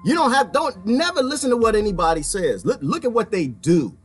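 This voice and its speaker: A man delivering a ranting comedic monologue, swinging from low mutters to high-pitched outbursts. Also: very animated, a little fast, hardly any pauses, faint music behind. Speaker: vlogger.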